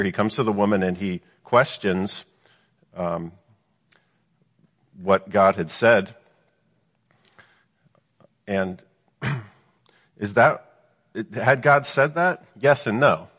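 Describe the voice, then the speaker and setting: A man with a low, slightly husky voice teaches from scripture, reading each verse and then unpacking it. He keeps checking in with his listeners through rhetorical questions. His voice carries a long reverb, as if spoken in a large hall. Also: takes it slowly, long pauses, fairly bright tone. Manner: reads scripture then explains it, with frequent rhetorical "right?" questions. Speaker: preacher. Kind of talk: Bible teaching sermon.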